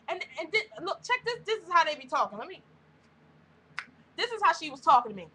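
A woman vlogger ranting to camera in a heated, blunt voice, with constant cursing. Her voice sits high and sounds bright and sharp. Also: big pitch swings, a little fast, long pauses, rough recording. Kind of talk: angry profane rant to camera.

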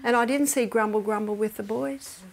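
A middle-aged woman giving a health seminar that weaves in Bible teaching. She tells stories lively, laughs often, and drops to a soft whisper for emphasis. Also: a little high, normal speed, creaky. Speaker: health educator.

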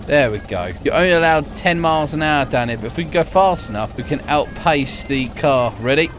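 A young man giving jokey, excitable commentary over his own gameplay, laughing often. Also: fairly high pitch, a little fast, slight background noise. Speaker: gaming YouTuber.

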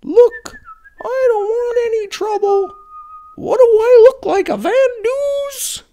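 Super squeaky lady linda, slow drawly chatter, mellow tone, butchers her french. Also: animated, exaggerated voice. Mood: defensive. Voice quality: squeaky high voice. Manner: folksy, mangles French phrases. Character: chirpy Canadian woman named Linda. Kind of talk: comedy sketch.

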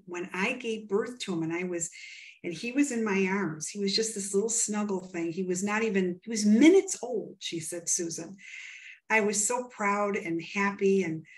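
Emphatic American woman telling a story. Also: fairly low pitch. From United States. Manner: emphatic, retells conversations in quotes. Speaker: psychic medium guest. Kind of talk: animated storytelling in an interview.

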